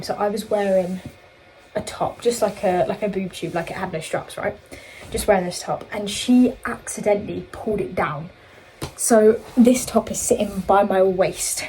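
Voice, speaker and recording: A young woman chatting through a long storytime for her vlog. She rambles, circles back and corrects herself mid-sentence in an easy, middle-pitched voice. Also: slight background noise, poor audio. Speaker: vlogger. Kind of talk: casual storytime chat.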